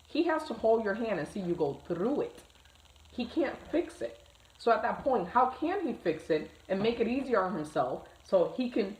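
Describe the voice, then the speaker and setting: A woman's voice: deep voice, roomy sound, rough recording. A woman, a doula telling a personal story in a chatty, casual way with many restarts. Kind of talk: casual talk to camera.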